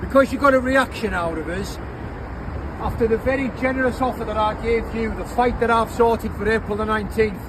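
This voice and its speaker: A man's voice: sits high, fairly quick. A man, a fighter, angrily calling out a rival in a confrontational challenge outdoors. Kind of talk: angry call-out to camera. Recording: outdoor traffic noise behind.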